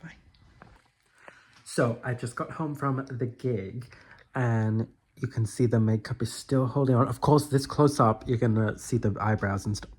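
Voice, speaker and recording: A man's voice: medium pitch, a little slow, darkish tone. A man in drag talking casually and playfully through a makeup tutorial, filmed on a phone camera at home. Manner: playful, giggly and self-mocking. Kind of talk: casual chatty vlog narration.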